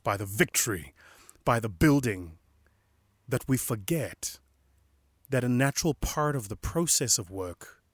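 Young adult man, husky, reflective spoken meditation; slow, measured, hushed emphasis, dry close mic. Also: mid-range voice, dry recording. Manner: slow, measured, softly emphatic, sometimes whispering. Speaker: inspirational speaker.

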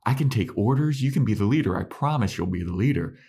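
A man voicing an excitable young male henchman who begs his partner to team up again. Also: on the low side, fast talker, husky, voice pushed up. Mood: pleading. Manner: pleading, excitable.

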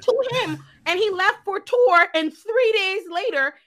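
A woman talking fast and loose on a podcast, her voice high and bright. She tells stories in slang and curses freely. She drops into low, muttered asides and then jumps up into loud, laughing shouts. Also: dry recording. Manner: animated, swings between low asides and loud shouting bursts; profane, slangy storytelling. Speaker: panelist. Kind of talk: casual podcast chat.

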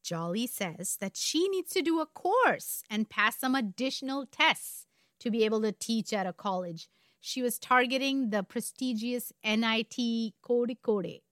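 A woman's voice: a little high, lively intonation, a little slow, fairly bright tone, dry recording, studio quality. Woman telling a true crime case. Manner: conversational, wry asides. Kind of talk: casual true crime storytelling.

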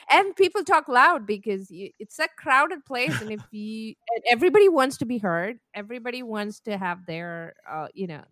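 A woman co-hosting a podcast, explaining things in a relaxed chat and laughing often. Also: medium pitch, no room sound. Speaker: podcast co-host. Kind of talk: casual chat.

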